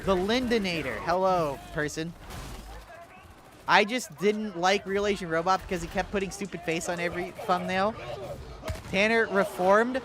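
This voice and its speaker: A man's voice: high-pitched, normal speed, fairly bright tone, soft background music. A man streaming a game, chatting casually with his viewers in a laid-back, profane, sarcastic way. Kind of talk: casual livestream chat while gaming.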